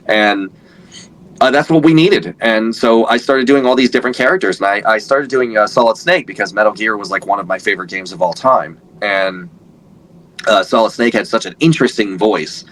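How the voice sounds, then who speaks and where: A man's voice: on the low side, moderate pace, fairly bright tone, poor audio. A man in his thirties, a voice actor guest, chatting casually in an interview, rambling with lots of fillers and restarts.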